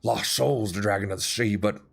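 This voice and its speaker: A man's voice: on the low side, fairly even intonation, fairly quick, gravelly. A man voicing a boisterous, pot-bellied male tiefling showman with grandiose, folksy sales patter in a tabletop game. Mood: boastful.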